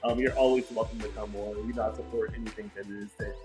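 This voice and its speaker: A man in his thirties hosting a podcast, talking in a casual chat, telling stories with lots of fillers and quick laughs. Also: on the low side, music in the background, low-quality recording. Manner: animated storytelling, laughs easily, many fillers. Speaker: podcast host. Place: home studio with big lights.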